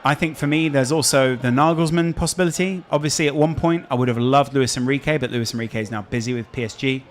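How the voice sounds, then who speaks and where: A man's voice: medium pitch, fast. Chatty English man with a Scouse accent. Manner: chatty, reads out and answers viewer questions. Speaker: streamer host. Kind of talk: casual live-stream chat.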